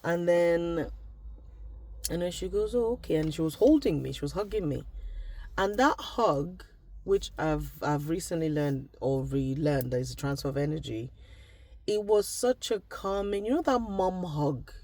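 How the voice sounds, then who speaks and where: A man's voice: on the high side, lively intonation, a little slow, a little mellow. A man from Nigeria, talking through personal reflections in a casual diary vlog, often trailing off and restarting his thoughts. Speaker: vlogger.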